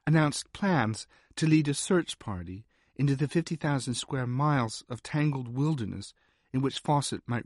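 A man's voice: medium pitch, a little mellow, no room sound. Dry-voiced male audiobook narrator. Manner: measured, dry storytelling with wry asides.

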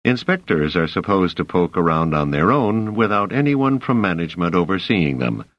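An actor playing a commanding male supervisor in an audiobook, curt and wary, in a low voice with lively turns. The sound is dry and a bit muffled. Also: moderate pace, dry recording. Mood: brisk.

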